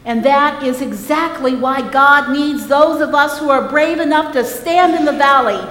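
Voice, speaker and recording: A woman's voice: high-pitched, a little slow, a bit bright. A woman preaching a sermon, speaking emphatically and calling on the congregation to respond. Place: church sanctuary. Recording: echoey church hall.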